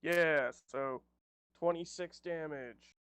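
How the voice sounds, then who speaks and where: A man's voice: a little high, takes it slowly, fairly bright tone, clear, resonant tone, no room sound. A man playing a tabletop game over voice chat, easygoing and jokey, laughing often. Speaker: player.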